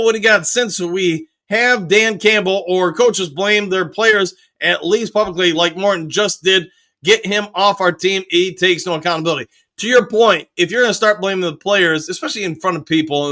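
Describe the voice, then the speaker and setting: A man's voice: high-pitched, moderate pace, pushed and bright. A man hosting a live fan stream, reading viewer comments aloud and answering them in an upbeat, casual way with frequent fillers. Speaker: host of a live fan show reading chat.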